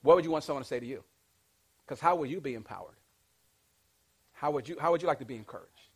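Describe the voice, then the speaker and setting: An energetic man leads a leadership class with a voice that sits a little high. He keeps firing questions at his listeners and coaxing them to answer back, often bursting out loud. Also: quick pace, breathy edge. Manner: energetic, call-and-response with the audience. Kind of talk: interactive leadership teaching.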